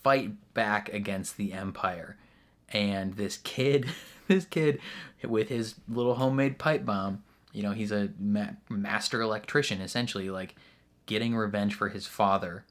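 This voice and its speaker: A man's voice: lowish voice, normal speed. A young man hosting a reaction video, talking casually and earnestly about a show's finale, with laughs and fillers along the way. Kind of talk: casual post-episode discussion.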